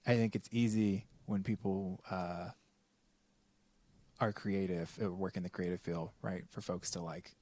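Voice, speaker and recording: A man's voice: low voice, steady tone, unhurried, dark tone. A man co-hosting a podcast, chatting casually in an effusive, playfully profane way. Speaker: podcast co-host. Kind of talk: casual chat.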